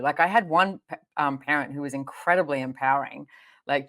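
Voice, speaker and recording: A woman hosting a podcast interview, telling personal stories in an animated, conversational way. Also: deep voice, fairly quick. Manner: animated storytelling, frequent laughter. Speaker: podcast host.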